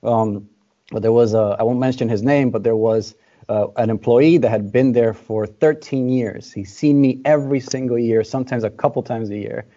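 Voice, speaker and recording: A man's voice: mid-range voice, moderate pace, dark tone. A young man chatting casually as a guest, telling a long anecdote with many restarts. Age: young adult. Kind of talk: casual chat. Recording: dull lo-fi sound.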